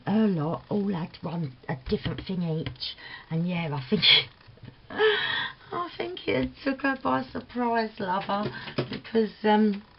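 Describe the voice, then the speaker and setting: An older woman with a broad Cockney London accent chats away in a rambling, homely way, full of little laughs and fond slang. Her voice sits a little low. The recording is a bit dull and lo-fi, with a faint hiss behind her. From England. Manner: rambling, chatty, laughs often, slang like "bless her" and "lover". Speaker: crafting vlogger. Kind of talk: casual chatty vlog. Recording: slightly dull lo-fi audio with faint noise.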